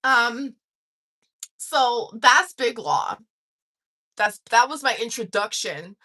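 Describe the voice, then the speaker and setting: A woman in her forties telling a lively, profane story on a livestream, laughing as she goes. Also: fairly high pitch, takes it slowly. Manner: profane and animated, laughing through stories. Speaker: livestream host. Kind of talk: casual storytelling.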